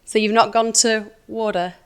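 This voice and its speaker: Woman, Yorkshire accent, high pitch, playful host, casual chat. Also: moderate pace, a bit bright. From Yorkshire, England. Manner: friendly, playful questioning. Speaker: interview host.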